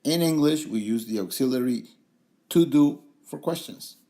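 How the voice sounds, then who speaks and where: A man explaining language points as a trainer, relaxed, slowly repeating example phrases with fillers. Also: medium pitch. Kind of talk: instructional explanation.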